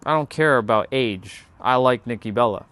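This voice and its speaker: A man's voice: mid-range voice, moderate pace, fairly bright tone, dry recording. A man chatting casually on his live stream, laid-back and rambling as he talks straight to his viewers.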